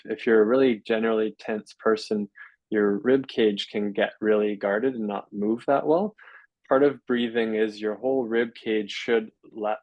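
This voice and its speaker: A man with a low-set voice talks through anatomy and breathing exercises in a measured, step-by-step way, pausing on fillers and restarting his sentences. The sound is close and dry, with no room around it. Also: darkish tone, no room sound, lo-fi sound. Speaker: physiotherapist guest. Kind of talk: explanatory interview talk.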